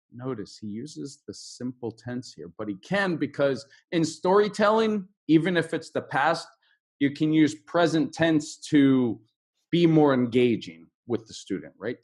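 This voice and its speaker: A middle-aged man teaching English in an online lesson, drilling word stress with slow, drawn-out repetitions. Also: a little high.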